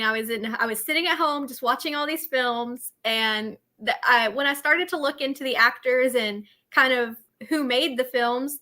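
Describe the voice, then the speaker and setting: This is a woman guest entrepreneur with a high, bright, sharp voice. She talks casually, giggling often and filling her sentences with ums. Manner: giggly, with many fillers. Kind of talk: casual interview.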